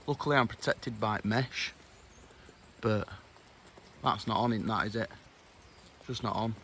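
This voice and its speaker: Against slight background noise at a woodland camp, a camping vlogger talks to camera at a normal speed in a steady, mid-range voice, leaving long pauses. His casual storytelling is chatty and blunt, full of exasperated anecdotes.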